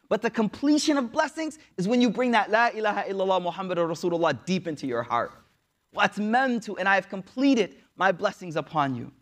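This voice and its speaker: A man preaching a story sermon in a casual, slangy way, moving between hushed, soft passages and excited bursts. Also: sits high. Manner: casual slangy preaching, recites Arabic verses quickly.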